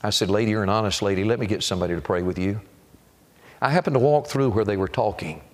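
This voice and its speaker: A man preaching a revival sermon, pleading and repeating his questions, telling stories with dramatic pauses. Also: fairly low pitch. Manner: pleading, repetitive, dramatic storytelling. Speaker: evangelist preacher.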